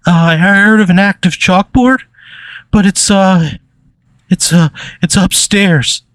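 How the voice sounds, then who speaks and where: A man's voice: high voice, fairly even intonation, takes it slowly, fairly bright tone, no room sound, pitched above the performer's own voice. A man voicing a meek, timid male creature made of pencil shavings, stammering and hesitant.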